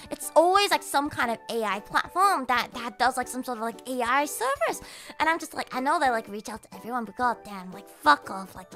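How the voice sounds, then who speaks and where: A woman's voice: on the high side, sharp tone. A woman VTuber streamer ranting casually, giggly and rambling, swearing constantly.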